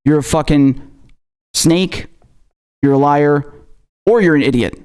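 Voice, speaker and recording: Swearing all the way through, a political commentator mocks his targets and throws in sarcastic fake quotes during an enraged rant. His voice is on the high side, a little mellow and smooth, and his delivery is unhurried.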